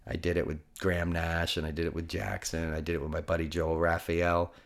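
A man's voice: low-pitched, flat delivery, brisk. A man in his fifties hosting a podcast, telling rambling, heartfelt stories from home with many restarts and digressions. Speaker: podcast host. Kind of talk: casual storytelling monologue. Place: home room.

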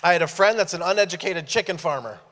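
Guest preacher, male, storyteller who acts out his dialogue, mid-high voice, big reverberant room. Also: fast, a little hiss or hum. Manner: animated, acts out dialogue in stories. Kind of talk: sermon storytelling. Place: church sanctuary. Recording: long hall reverb.

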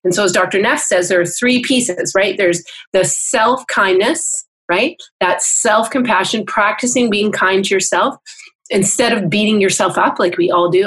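A woman's voice: mid-range voice, moderate pace, a bit bright, breathy edge, rough recording. Earnest woman counselor explaining. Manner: earnest, instructive, often tags "right?". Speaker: counselor and teacher, guest. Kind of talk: explanatory interview talk. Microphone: video call.

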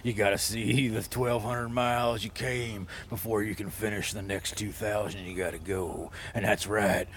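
A man's voice: on the low side, fairly even intonation, normal speed, hardly any pauses, a bit bright. A man voicing a boastful old cowboy rock star with a put-on Southern drawl, telling rambling tall tales about hunting ghosts. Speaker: comedy guest character.

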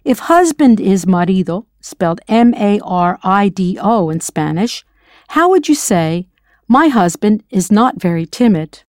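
A patient, encouraging American woman leads a scripted audio language lesson, prompting the listener to answer. Her voice sits at a middle pitch. The sound is close and dry, with no room around it. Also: animated, unhurried, a little mellow, no room sound. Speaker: language teacher.

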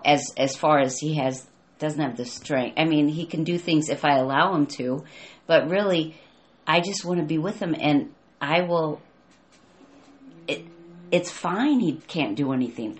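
An older woman, a grandmother and co-host, speaks casually about faith, prayer and her grandson in a low-pitched voice at a moderate pace. She is warm and rambling, often restarting her sentences.

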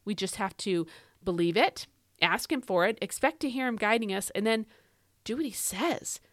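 A woman's voice: mid-range voice, lively intonation, normal speed, no room sound. A woman hosting a devotional podcast, teaching Scripture in an earnest, emphatic way and repeating her key phrases. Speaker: podcast host.

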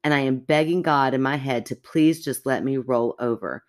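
A woman co-hosting a podcast, reading a listener's story aloud in an animated, chatty way and breaking off to react. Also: rumbling low, normal speed. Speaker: podcast co-host.

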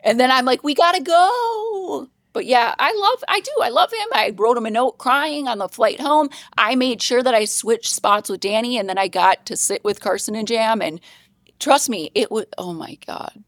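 A young adult woman telling a story as a podcast guest, bubbly and excitable, laughing often. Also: a little high, moderate pace, no room sound. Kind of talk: casual storytelling.

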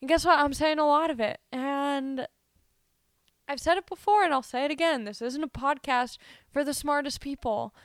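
A woman's voice: sits high, moderate pace, no echo, studio quality. Rambling woman podcaster with a cold. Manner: rambling, self-deprecating, joking. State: has a cold. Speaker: podcast host. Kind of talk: casual solo podcast chat.

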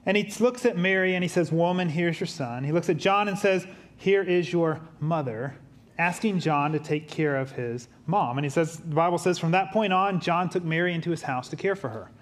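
A man with a fairly high voice preaches a sermon as a pastor. He drops into quiet, low tones for weight, then lifts into lively, joking asides. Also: moderate pace. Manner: humorous asides in a conversational tone.

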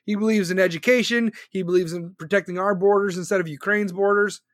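A man's voice: high voice, steady tone, fast, dry recording. A man in his forties hosting a podcast, ranting bluntly and profanely about politics. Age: 40s. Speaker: podcast host. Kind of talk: casual political rant.

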